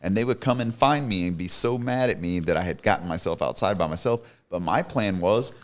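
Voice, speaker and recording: An intense, candid man in his thirties tells his life story as a podcast guest. His voice sits very low, and he speaks with plain conviction. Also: fairly quick. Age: 30s. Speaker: interview guest, business CEO. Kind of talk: emotional personal storytelling in a podcast interview.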